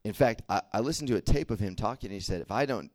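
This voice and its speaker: A young man preaching a casual sermon as a youth pastor, chatty and animated, full of fillers and quick check-ins with the room. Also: lowish voice, dry recording.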